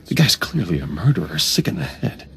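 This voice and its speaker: An actor playing a composed, wealthy man who stays calm, dry and guarded while probing for answers in a video game. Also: low voice, brisk, creaky, exaggerated voice.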